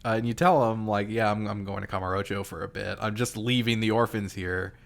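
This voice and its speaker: A man co-hosting a podcast, talking casually and laid-back about a video game, sometimes slipping into high voices to quote characters. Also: steady tone, fairly quick, vocal fry. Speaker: podcast co-host.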